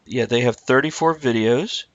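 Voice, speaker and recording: A man's voice: medium pitch, normal speed, no echo. Rambling man on a dull dry stream mic. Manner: rambling, self-interrupting, reads chat aloud. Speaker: livestream co-host. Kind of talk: casual live-stream chat.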